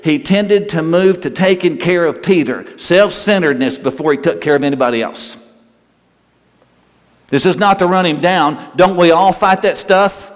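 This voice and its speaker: A man preaching a sermon in a conversational way, asking his listeners questions and leaving pauses. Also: a little high. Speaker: pastor. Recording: long hall reverb.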